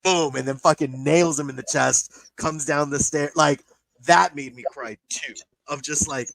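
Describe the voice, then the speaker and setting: A man's voice: on the high side, fairly even intonation, a little slow, creaky, fairly bright tone, no room sound, low-quality recording. A man co-hosting a podcast in casual chat, rambling emotionally with lots of fillers and swearing. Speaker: podcast co-host.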